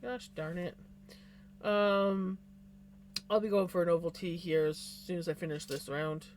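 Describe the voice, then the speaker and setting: A laid-back streamer talks to their live chat at a slow, unhurried pace. The voice sits in a middle pitch, and the talk drifts along with the odd sigh or yawn. A faint hum is heard behind. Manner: relaxed and unhurried, with sighs and yawns. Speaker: live streamer chatting with viewers. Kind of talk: casual livestream chat.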